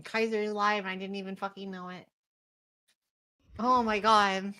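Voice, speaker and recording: A woman's voice: mid-range voice, level tone, moderate pace, low-quality recording. A young woman streaming a co-op horror game, swearing and laughing often. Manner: loud, swearing, laughing a lot. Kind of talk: casual let's-play chat.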